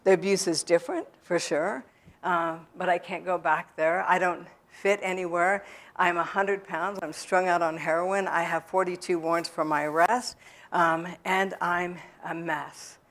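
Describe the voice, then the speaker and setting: Woman, lowish voice, candid testimony speaker in a church, halting and frank. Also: fairly even intonation, fairly bright tone. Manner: candid, storytelling with many fillers and restarts. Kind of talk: personal testimony talk.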